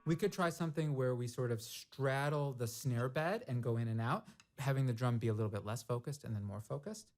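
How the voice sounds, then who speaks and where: A man teaching snare drum, explaining step by step in a thoughtful way and singing rhythms out loud in a practice studio. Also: medium pitch, a little fast, faint music behind. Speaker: percussion teacher. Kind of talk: instructional demonstration.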